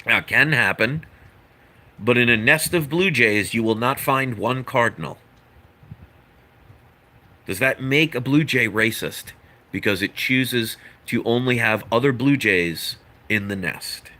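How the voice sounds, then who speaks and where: Male vlogger, earnest and preachy, bright tense voice, mid pitch. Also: measured pace. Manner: earnest, lecturing, rambling with asides. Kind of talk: opinion monologue to camera.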